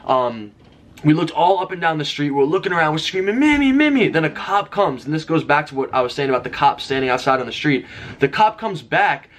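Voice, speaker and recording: Fast-talking young man telling a story. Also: on the high side. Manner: fast, animated storytelling with shouted name calls. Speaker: vlogger. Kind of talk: casual storytelling to camera.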